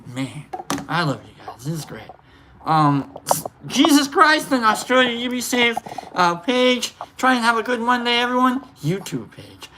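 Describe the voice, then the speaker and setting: A woman's voice: a little high, sing-song, a little slow, background noise. A woman co-hosting a livestream, casually reading out chat names with rambling, playful asides and sudden whoops. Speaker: livestream co-host.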